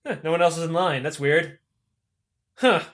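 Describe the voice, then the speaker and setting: A man's voice: a little high, normal speed, fairly bright tone, pitched below the performer's own voice, close to an everyday voice. A man voicing a bored male god of the underworld, muttering casually to himself. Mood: puzzled.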